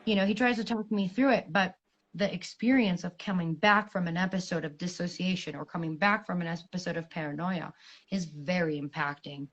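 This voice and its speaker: A woman in her thirties, a guest speaking candidly and frankly over a remote video call, telling personal stories with animated, profane language. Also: fairly low pitch, fairly quick, muffled recording. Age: 30s. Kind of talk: candid conversational storytelling.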